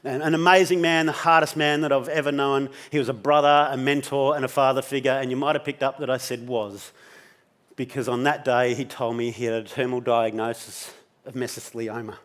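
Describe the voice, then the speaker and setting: A man's voice: mid-range voice, fairly even intonation, fairly quick, a bit bright. Middle-aged Australian male keynote speaker, emotional storyteller, blunt and profane. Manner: intense, emotional, swears freely. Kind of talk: personal storytelling talk.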